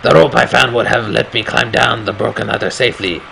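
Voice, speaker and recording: A man putting on a strained, raspy voice to read a game's horror narration slowly and grimly. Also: mid-range voice, fairly even intonation, sharp tone, slight background noise, low-quality recording. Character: gravelly grown man narrating his own horror story.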